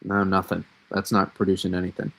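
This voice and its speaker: A man with a Massachusetts accent hosting a casual live weather analysis, thinking aloud in a halting way with many fillers. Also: low voice, monotone, creaky, a bit bright. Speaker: weather stream host.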